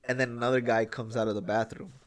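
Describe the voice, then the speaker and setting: Man, podcast host, casual chat, excited storyteller, swears a lot, mid-pitched voice. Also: quick pace. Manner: excited storytelling, swears freely, acts out quotes.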